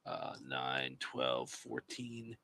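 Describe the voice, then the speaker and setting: A man playing a tabletop game, thinking out loud and hesitating with lots of fillers as he plans his move. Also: rumbling low, very animated, very slow, vocal fry. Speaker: player. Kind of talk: casual tabletop game talk.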